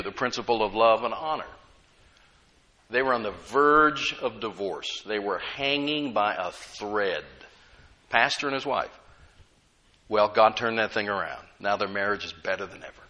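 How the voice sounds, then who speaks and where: Male pastor, middle-aged, animated sermon delivery, bright tone, laughs a lot. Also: mid-range voice, highs cut off. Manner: lively preaching with laughs and acted-out voices.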